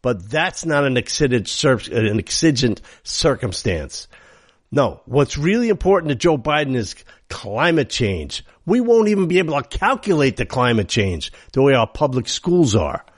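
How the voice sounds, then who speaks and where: Brief: male talk radio host, sarcastic and heated, very lively pitch, dry studio sound. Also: moderate pace, husky, dry recording. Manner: heated, sarcastic, rhetorical questions. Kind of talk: opinionated talk radio monologue.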